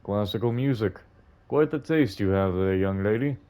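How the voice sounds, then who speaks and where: Guy playing a gentle kindly older dude for a game, lowish voice. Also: clear, resonant tone, lightly acted. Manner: gentle and unhurried. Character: older man, kindly music lover.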